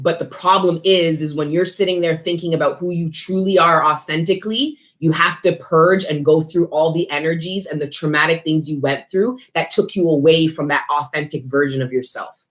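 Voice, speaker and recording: A woman's voice: sits low, fairly bright tone. Blunt, profane woman reading tarot. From Canada. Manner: blunt, profane, street slang. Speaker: tarot reader. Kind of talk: casual spiritual tarot reading.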